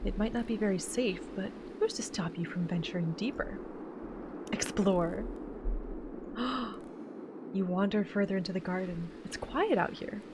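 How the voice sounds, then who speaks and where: A woman's voice: mid-range voice, measured pace, pauses often. Woman gamer narrating a visual novel, chatty asides, noisy home recording. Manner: chatty, reads narration then comments with laughs. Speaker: let's play gamer voicing a visual novel. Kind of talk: reading and playing a horror visual novel aloud.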